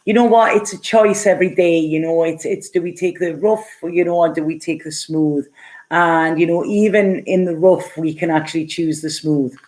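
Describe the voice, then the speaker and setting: A woman's voice: low-pitched, normal speed, darkish tone. A middle-aged woman giving a casual live tarot reading and answering viewer comments, chatty and rambling, often laughing and using plenty of fillers. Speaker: tarot reader.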